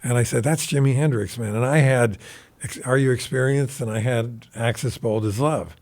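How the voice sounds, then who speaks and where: Animated older man telling stories. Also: mid-range voice, normal speed. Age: 70s. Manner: animated, rambling, swears casually. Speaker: guest guitarist. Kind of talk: casual anecdotal storytelling. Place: recording studio.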